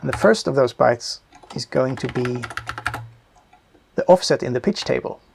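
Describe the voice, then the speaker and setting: A man calmly explaining his programming step by step, thinking aloud as he works. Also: medium pitch, moderate pace, gravelly, background noise. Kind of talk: screen-recorded coding tutorial.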